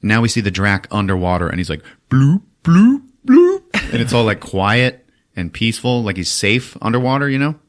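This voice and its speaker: A man hosting a podcast, retelling a movie in profane, animated casual chat. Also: fairly low pitch, a little fast. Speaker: podcast host.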